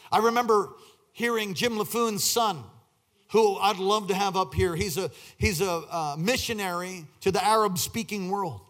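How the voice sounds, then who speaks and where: High-voiced preaching man, animated. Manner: animated preaching, shifting between quiet asides and loud bursts; asks the congregation questions. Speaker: pastor. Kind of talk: sermon.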